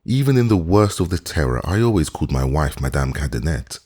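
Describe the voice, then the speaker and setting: A man's voice: rumbling low, big pitch swings, brisk, dark tone, exaggerated voice. A man doing a fawning, chatty wig maker. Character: fussy old-regime male wig maker, proud and gossipy.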